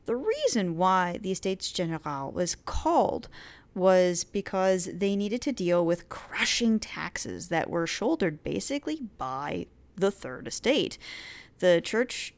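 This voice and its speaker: A woman's voice: on the low side, very animated, takes it slowly. A woman hosting a history series, explaining events in a casual, chatty lecture with playful asides and frequent filler words. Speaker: history podcast host.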